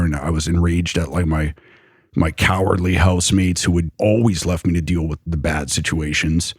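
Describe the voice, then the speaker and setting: Deep and a little mellow, a young man's voice drifts through a rambling account of his past, full of filler words. The recording is studio quality, free of echo.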